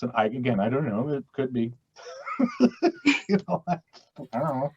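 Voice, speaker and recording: With long pauses and a moderate pace, a middle-aged actor from Canada's West Coast rambles through a casual interview, knocking himself and repeatedly restarting. His medium-pitched, slightly mellow voice has lively intonation, and the dull lo-fi recording carries a little hiss or hum.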